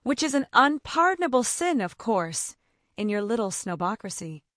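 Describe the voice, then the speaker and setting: A woman's voice: on the high side, very animated, normal speed, fairly bright tone, no room sound, studio quality, voice pushed up. A woman reading the part of a defiant young woman who fires back tart, brazen retorts at her relatives.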